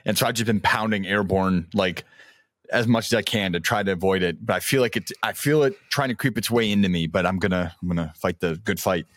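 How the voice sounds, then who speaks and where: A man with a lowish voice co-hosts a podcast in relaxed, casual chat. He rambles through his stories with fillers and frequent laughter. The sound is close and dry. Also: a little fast, no echo. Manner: rambling storyteller, laughs often. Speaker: podcast co-host.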